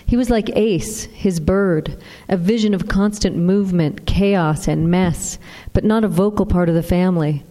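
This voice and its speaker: A woman narrating an audiobook in a steady, even reading. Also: fairly low pitch, moderate pace. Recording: long reverb.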